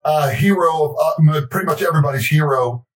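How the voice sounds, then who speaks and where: A man's voice: a little high, fairly quick, far from the mic. A man hosting a casual chat, hesitant and often chuckling. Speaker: host.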